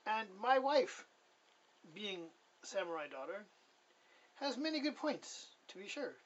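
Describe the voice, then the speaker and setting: Man, high voice, rambling personal testimony, self-correcting, chuckling, distant mic, muffled lo-fi sound. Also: sing-song, measured pace, fairly bright tone. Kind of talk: casual personal storytelling.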